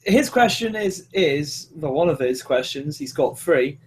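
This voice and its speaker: A man hosting a casual podcast, reading out fan questions in a relaxed, agreeable way. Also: a little high, a little slow. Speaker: podcast host.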